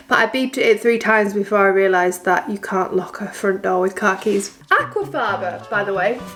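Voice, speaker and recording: A woman in her twenties chatting through a baking vlog in her home kitchen, rambling with self-mocking asides. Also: fairly high pitch. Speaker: vlogger.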